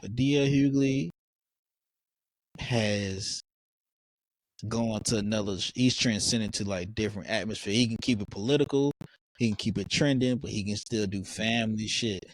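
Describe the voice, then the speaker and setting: Excitable storytelling host, dry close mic. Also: male voice, lowish voice, normal speed, dry recording. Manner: animated storyteller, excitable, stumbles over words. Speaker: podcast host. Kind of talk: casual interview chat.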